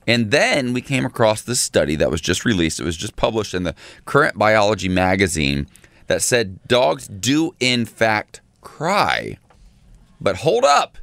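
A man co-hosting a morning radio show, chatting and joking in a casual, animated way. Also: lowish voice, unhurried, dry recording.

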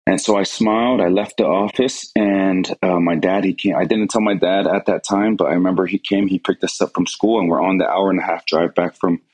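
A man's voice: low-pitched, fairly even intonation, a little fast, few pauses, darkish tone, rough recording. A man earnestly recounting a personal story in an interview, often repeating words as he goes. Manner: earnest, repeats words, acts out quoted voices.

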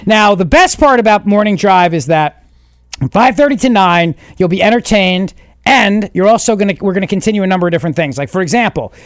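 A middle-aged man with a high voice hosts a radio talk show. He jokes at his own expense and tosses off quick asides. He's miked close in a dry studio. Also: lively intonation, no echo. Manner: jokey, self-mocking, quick asides. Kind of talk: casual studio banter. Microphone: studio microphone.

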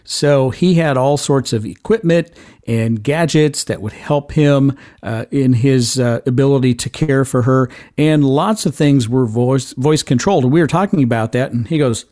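Middle-aged male talk radio host, casual and chatty, mid-pitched voice. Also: moderate pace, mellow. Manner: chatty, loose, many fillers and restarts.

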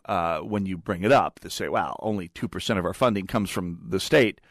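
A man hosting a political talk radio monologue in an animated, sarcastic way, rambling and restarting often. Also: fairly low pitch, dry recording. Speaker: radio talk show host.

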